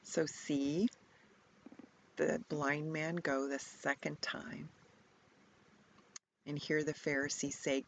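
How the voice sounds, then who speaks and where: Woman leading a guided Bible contemplation, slow and reflective, gravelly voice. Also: low-pitched, flat delivery, a little hiss or hum. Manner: slow, reflective, prompting questions, at times whispered. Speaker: retreat leader guiding contemplation.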